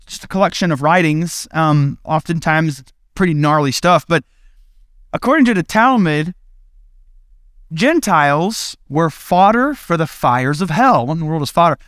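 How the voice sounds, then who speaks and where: A man's voice: a little high, lively intonation, moderate pace, a bit bright, dry recording, clean studio sound. A man preaching a casual sermon to his congregation, retelling Bible stories in a playful, conversational way and laughing at his own retellings. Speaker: pastor.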